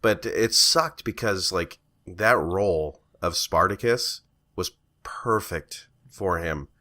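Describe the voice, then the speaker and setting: A man's voice: deep voice, slow pace, bright, forceful tone. A man co-hosting a podcast in casual chat, laid-back, mostly giving short reactions. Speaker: podcast co-host.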